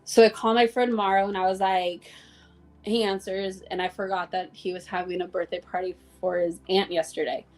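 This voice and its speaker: A woman appears as a guest in a casual conversation, heartfeltly recounting stories about coworkers, acting out the dialogue and saying "like" a lot. Her mid-range voice is level, brisk and darkish, with faint music in the background.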